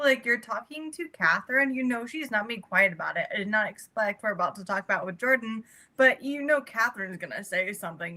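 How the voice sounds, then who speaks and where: A woman's voice: medium pitch, sharp tone. A woman co-hosting a reality show podcast, chatting casually and adding brief, agreeable remarks. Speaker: podcast co-host. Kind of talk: casual chat.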